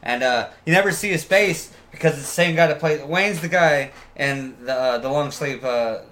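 A man's voice: on the high side, fairly bright tone. A man who has been drinking chatting casually, rambling and swearing, stopping and restarting often. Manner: rambling, profane, halting with fillers. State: tipsy from beer. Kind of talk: casual chat.

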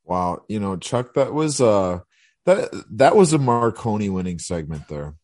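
A man co-hosting a radio podcast, chatting casually and reacting with drawn-out exclamations. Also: on the low side, very animated, a little mellow. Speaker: podcast co-host.

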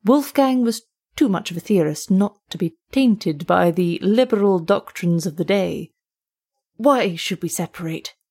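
A woman narrates a classic short story and closes the episode as its host. Her pitch sits in the ordinary middle range, and her reading is measured and even. The voice has a husky, breathy grain.

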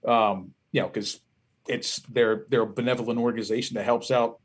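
A man with a Philadelphia accent, a musician guest telling profane, animated stories in casual podcast conversation. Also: medium pitch, a little fast.

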